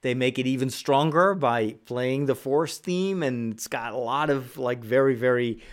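A man's voice: mid-range voice, moderate pace. A man giving casual spoken commentary, thoughtful and loose, with frequent fillers and restarts.

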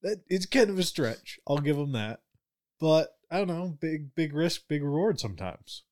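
A man's voice: on the high side, big pitch swings, moderate pace, a little mellow. Hesitant man chatting on a podcast. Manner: hesitant, searching for words. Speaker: podcast co-host. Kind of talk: casual podcast chat.

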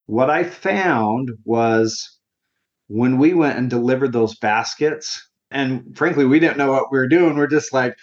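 A man's voice: medium pitch, measured pace, lo-fi sound. A man in his forties, a grief counselor as an interview guest, telling his personal story in an earnest, heartfelt way. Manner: earnest and heartfelt, sometimes emotional.

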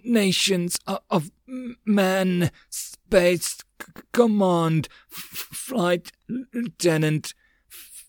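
A man's voice: high-pitched, no echo, clean studio sound, voice pushed up, full character voice. A man voicing a dazed young male pilot who stammers out words in a weak, raw whisper.

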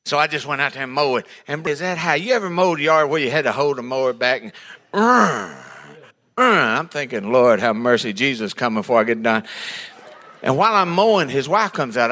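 Folksy preacher telling funny stories. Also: male voice, mid-range voice, a bit bright. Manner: folksy and humorous, acts out voices in his stories. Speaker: pastor. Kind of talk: storytelling sermon.

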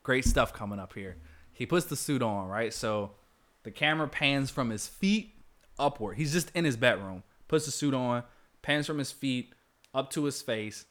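A mid-range, fairly bright voice belongs to a podcast host loosely recapping a movie scene by scene. He rambles with lots of filler words and performs the quoted lines.

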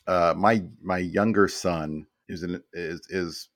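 Deep-voiced rambling man in his fifties. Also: fairly even intonation, slow pace, a bit bright, no echo. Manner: rambling, repeats words when starting sentences. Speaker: podcast guest. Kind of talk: casual storytelling chat.

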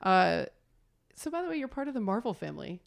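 A woman's voice: medium pitch, big pitch swings, a little fast, vocal fry. A woman hosting a casual interview, chatty and gushing, laughing often as she asks questions. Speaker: host.

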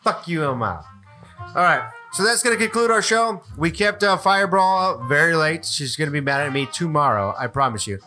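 A man's voice: fairly high pitch, brisk, few pauses, bright, forceful tone, soft background music. A man hosting a podcast in casual chat, joking, crude and often laughing. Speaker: podcast host.

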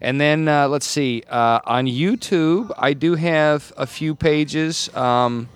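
A man's voice: fairly high pitch, takes it slowly, smooth. A man, a comedian guest on a podcast, talking in an easygoing, upbeat way in a comedy club showroom. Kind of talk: casual interview.

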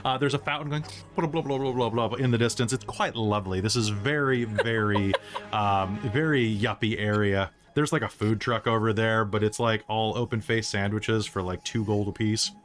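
A man's voice: on the low side, normal speed, fairly bright tone, faint music behind. A man running a tabletop game as game master, narrating scenes and calling for checks in a casual, chatty way. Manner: casual, chatty, many fillers.

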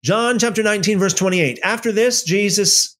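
A man giving informal Bible teaching in an emphatic, animated way, often restarting and using fillers. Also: high-pitched, normal speed.

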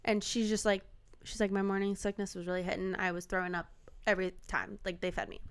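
Young woman telling a crazy story to a friend, clear smooth voice, acts out all the quotes. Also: mid-range voice, little pitch movement, fast. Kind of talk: casual podcast chat.

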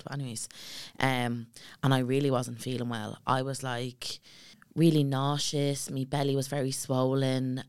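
A woman's voice: a bass voice, no room sound, clean studio sound. Laughing Dublin woman telling a story. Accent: Irish, Dublin. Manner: animated, laughing, swearing, slangy. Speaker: podcast co-host. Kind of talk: casual chat, storytelling.

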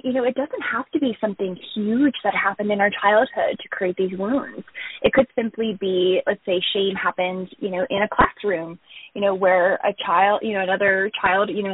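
A woman therapist calmly explaining her work in a podcast interview, often saying "you know". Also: medium pitch, breathy edge, dry recording. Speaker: therapist guest. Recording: tinny phone-line audio.

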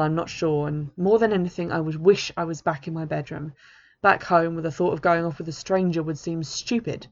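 A woman's voice: on the low side, gravelly. A woman author reading her own novel aloud in the first person, in a plain and understated way. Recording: dull lo-fi recording.

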